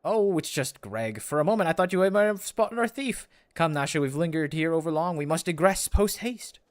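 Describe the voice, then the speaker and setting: Brief: pompous theatrical male inspector, read by a man, pitched up, lively. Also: normal speed, lightly acted. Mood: excited. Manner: grandiose old-fashioned diction.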